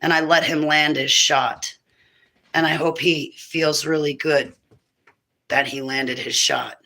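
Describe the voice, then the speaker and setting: This woman in her fifties speaks slowly in a low, sharp voice with fairly even intonation, heard through poor audio. A spiritual warfare speaker, she rambles loosely about faith in a casual monologue, laughing and preaching emphatically at times.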